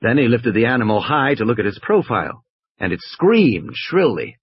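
A man narrating an audiobook in an expressive, varied reading. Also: medium pitch, normal speed, highs cut off.

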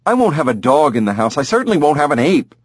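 A man voicing an upset, sharp-tongued middle-aged wife who talks bluntly. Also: on the high side, lively intonation, unhurried, no echo, clean studio sound, voice pushed up. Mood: exasperated. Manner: blunt and exasperated.

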